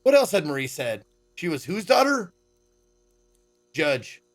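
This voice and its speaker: A man's voice: big pitch swings, a little fast. A man streaming himself as he reads a visual novel aloud, sarcastic and swearing freely. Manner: sarcastic, swears freely, acts out quoted lines with pitch jumps.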